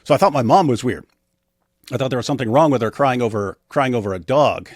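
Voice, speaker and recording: Dry-sounding man, halting storytelling. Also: mid-range voice, animated, husky, no room sound. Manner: halting, frequent restarts, matter-of-fact. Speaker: interview guest. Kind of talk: casual storytelling in conversation.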